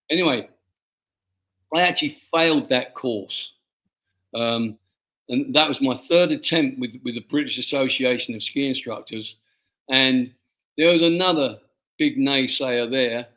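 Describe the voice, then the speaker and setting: A man, an author being interviewed, telling a personal story in a halting way and often repeating his words. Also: medium pitch, bright, forceful tone, poor audio. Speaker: author guest.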